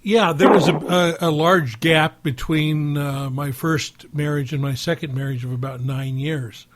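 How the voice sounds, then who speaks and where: A middle-aged man co-hosts a radio show, speaking a touch higher than most men. He talks haltingly and restarts his sentences. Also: fairly even intonation. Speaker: radio co-host. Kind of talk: casual studio chat.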